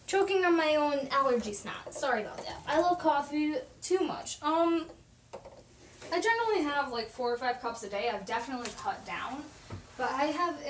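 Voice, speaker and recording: High-pitched young woman streaming from her desk at home, rambles a lot and talks super fast. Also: a little hiss or hum. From Oklahoma, USA. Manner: rambling, fast-talking, chatty. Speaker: livestream host. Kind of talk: casual live-stream chat.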